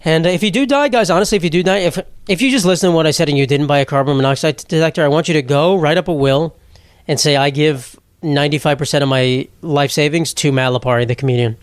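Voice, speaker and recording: A young man from New York hosts his own comedy podcast, talking in a loose, rambling, sarcastic way. His voice sits a little high, and he swears casually and laughs at his own bits. The sound is dry and close, with no room around it. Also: fast talker, clear, resonant tone, dry recording. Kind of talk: solo comedic podcast monologue.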